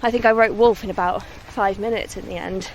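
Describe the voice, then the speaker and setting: A young woman from the West Midlands, England, a singer-songwriter, answers questions on a countryside walk, modest and quick to laugh. She speaks at medium pitch with fairly even intonation and a fairly quick pace. Slight noise comes from faint outdoor ambience and distant vehicles.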